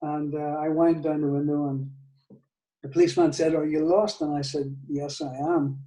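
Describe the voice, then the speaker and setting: An older man with a Northern Irish accent, his voice mellow and slightly higher than most men's. He talks hesitantly, with restarts and soft laughs, while telling a story in a conversation. It was recorded in an echoey room, a little far from the mic. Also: little pitch movement, moderate pace. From Northern Ireland. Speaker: guitar maker, guest. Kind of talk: casual storytelling interview.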